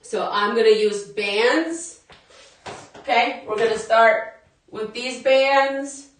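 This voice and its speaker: A woman's voice: a little high, takes it slowly, distant mic, slight background noise. Chatty woman fitness instructor, echoey room. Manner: chatty, laughing, talks straight to viewers. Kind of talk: live workout class talk.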